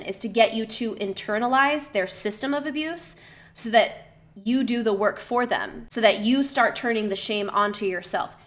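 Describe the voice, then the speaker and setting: Woman streamer, young adult, casual chat to her viewers, thoughtful, full of ums and restarts; middle pitch. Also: fairly bright tone. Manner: reflective, with many fillers and restarts. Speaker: streamer and personal trainer.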